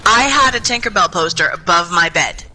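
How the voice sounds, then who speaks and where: A woman's voice: fairly low pitch, animated, normal speed, bright, forceful tone, faint music behind, rough recording. A young woman telling a rambling, self-mocking story in casual chat over voice chat while gaming. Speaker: gaming group member.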